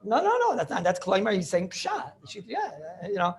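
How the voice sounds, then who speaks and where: A man with a high, lively voice gives a Talmud study class at a quick clip. He sounds gravelly at times, repeats key phrases and argues back and forth with himself as he teaches. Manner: animated, repeats phrases, asks and answers his own questions.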